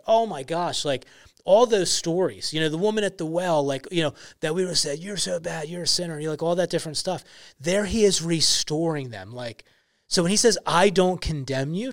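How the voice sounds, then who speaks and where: A man's voice: on the high side, dry recording, clean studio sound. A young man speaking as a guest on a faith podcast, telling Bible stories in an earnest, emphatic way with many fillers. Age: young adult. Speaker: podcast guest, ministry founder. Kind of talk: casual faith podcast talk.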